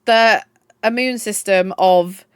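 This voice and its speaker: A woman's voice: mid-range voice, takes it slowly, smooth, no room sound, clean studio sound. A young woman streaming live, chatting casually and gushing at her chat. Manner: gushing, chatty, swears, reads chat aloud.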